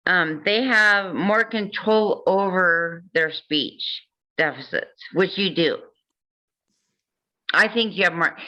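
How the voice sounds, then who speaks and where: Bright-voiced woman reading aloud. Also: lowish voice, low-quality recording. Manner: reads passages then comments with jokes and laughs. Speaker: host. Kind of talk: reading aloud and casual chat.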